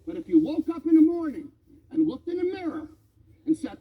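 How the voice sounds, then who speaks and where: A man's voice: high-pitched, wildly swooping pitch, moderate pace. A man giving a motivational speech, challenging the audience with pointed rhetorical questions. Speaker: motivational speaker. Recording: tinny phone-like recording over faint music.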